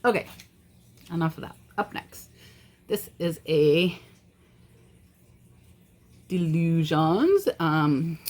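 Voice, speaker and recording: A woman's voice: on the low side, animated, slow, long pauses, a little mellow. A woman reseller chatting casually on her vlog, frank and easily exasperated. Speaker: eBay reseller.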